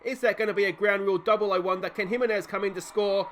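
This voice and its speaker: An Australian man giving excited play-by-play commentary as he plays a baseball game, getting loud on big hits. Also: high voice, fast talker, a little hiss or hum. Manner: fan-style play-by-play, shouting on big hits. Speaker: let's play host.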